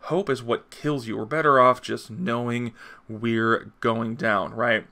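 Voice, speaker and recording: A man voicing a gloomy, sarcastic male sports fan who complains in a weary, deadpan way. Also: mid-range voice, slow, creaky, heavily acted. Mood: glum.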